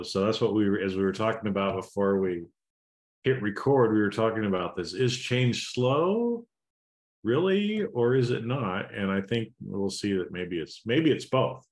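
Low-voiced man co-hosting a podcast. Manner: relaxed, rambling, many fillers and restarts. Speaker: podcast co-host. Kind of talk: casual podcast chat.

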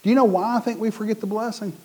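A man's voice: high-pitched, very fast, breathy edge. A middle-aged man from the United States preaching a sermon in a conversational way, acting out the voices of the people in his stories. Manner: animated, acts out quoted voices. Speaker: pastor.

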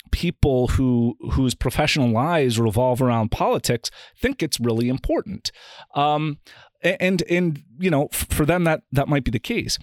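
This studio-quality clip, free of echo, features a man with a voice on the high side. As a philosophy guest on a podcast, he chats loosely and tells stories with flair, performing the lines of each character he quotes.

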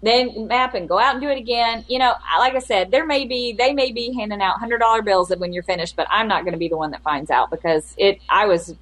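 A woman's voice: mid-range voice, brisk, hardly any pauses, a bit bright. A woman co-hosting a podcast in casual chat, telling a rambling, exasperated story and acting out the lines she quotes in exaggerated voices. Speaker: podcast co-host.

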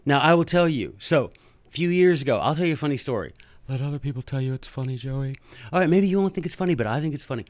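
A man hosting a podcast, telling a story in a chatty, animated way with jokey asides. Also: fairly high pitch, fast talker, no room sound. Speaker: podcast host and teacher. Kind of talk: casual storytelling monologue.

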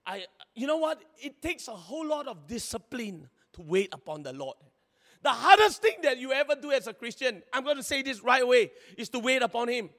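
A man preaching a sermon in a lively, chatty way, laughing often and acting out little scenes. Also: extremely high pitch, brisk. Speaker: pastor. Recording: long hall reverb.

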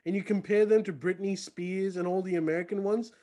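Giggly male co-host with a high voice, rambling casual talk. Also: fairly even intonation, brisk, warm tone. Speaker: podcast co-host. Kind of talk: casual chat.

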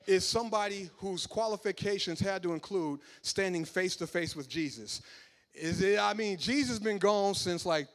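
A man preaching a sermon, talking casually with the congregation and building up to loud, emphatic passages. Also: high-pitched.

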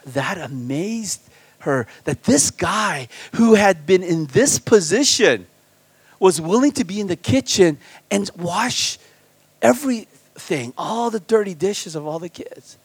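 A man preaching as a guest pastor at a church retreat, animated, swinging between loud emphasis and quiet asides. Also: high-pitched, a little slow, slightly rough, no echo. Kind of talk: sermon.

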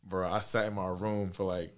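A young man in his twenties, telling a story in a casual chat, slangy and animated, acting out the dialogue. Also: low-pitched, moderate pace. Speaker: podcast guest.

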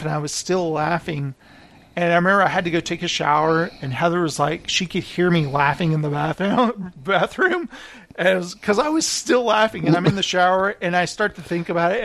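A man hosting a podcast in casual chat, an animated, rambling storyteller who laughs often. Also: sits high, brisk. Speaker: podcast host.

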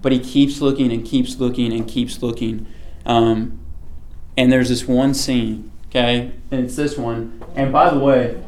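A man's voice: medium pitch, steady tone, measured pace, darkish tone. A man giving a casual sermon to a small group, chatty and often checking in with the listeners. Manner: chatty, keeps checking in with "okay?".

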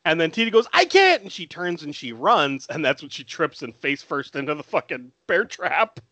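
A man's voice: a little high, moderate pace, bright, forceful tone, no room sound. Man, casual co-host, laughs often, recaps scenes, dry recording. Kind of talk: casual chat recapping a film plot.

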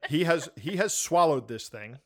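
A man telling a funny story in casual chat, animated and acting out the shouts in it. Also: a little high, moderate pace. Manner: animated, acts out shouts and voices in his story. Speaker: storyteller on a talk show.

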